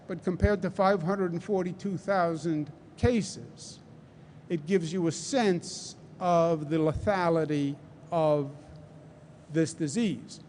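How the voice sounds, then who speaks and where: Slow emphatic man with a Queens accent. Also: high voice, darkish tone, a little hiss or hum. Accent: New York (Queens). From New York. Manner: deliberate, emphatic, repeats points. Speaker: governor. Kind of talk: press briefing. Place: large convention center hall.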